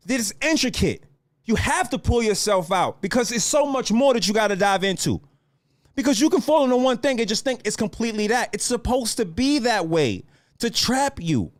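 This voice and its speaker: Male podcast host, very high voice that swings widely, heated profane rant at listeners. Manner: heated, profane, lecturing the audience.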